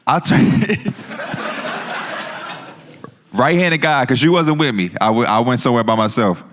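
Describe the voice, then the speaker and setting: A man's voice: mid-range voice, animated, measured pace, noisy background. A man co-hosting a live podcast, telling a story in a slangy, laughing way. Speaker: podcast co-host.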